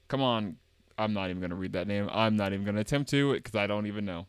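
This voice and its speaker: A man's voice: lowish voice, fast talker, smooth, no echo. A man streaming a game, joking as he reads, stumbling over names and laughing at himself. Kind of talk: game live stream commentary.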